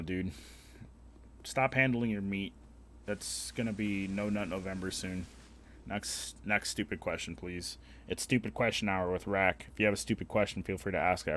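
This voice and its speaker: A young man bantering with chat on a live stream jokes in a crude, profane way. His voice sits on the low side but has a fairly bright tone.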